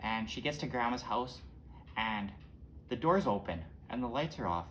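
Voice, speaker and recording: Casual male storyteller, relaxed delivery. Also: medium pitch, normal speed, a little hiss or hum. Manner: relaxed, informal retelling with small restarts.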